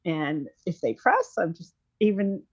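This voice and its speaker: A woman's voice: lowish voice, lively intonation, a little slow, breathy edge. A woman in her thirties talking candidly in an interview, rambling with many fillers and restarts. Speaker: guest. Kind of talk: conversational podcast interview. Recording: dull lo-fi sound.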